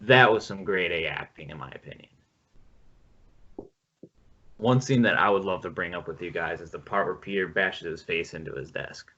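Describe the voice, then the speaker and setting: A man hosting a casual podcast, talking in a relaxed, rambling way with some swearing. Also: low voice, a little fast. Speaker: podcast host leading the film discussion. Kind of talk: casual chat. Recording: dull lo-fi podcast audio.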